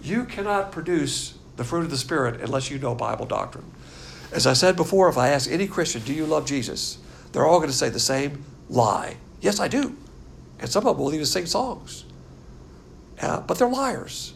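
Older male Bible teacher, gravelly voice, slightly higher than most men, blunt and contemptuous, with a faint hiss behind him. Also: moderate pace. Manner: blunt, scornful, animated lecturing. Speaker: pastor teacher.

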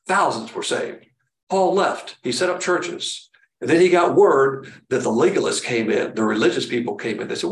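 A man's voice: fairly high pitch, animated, normal speed. A man preaching a sermon in a plainspoken way, firing off rhetorical questions and acting out quotes. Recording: roomy echo, distant mic.

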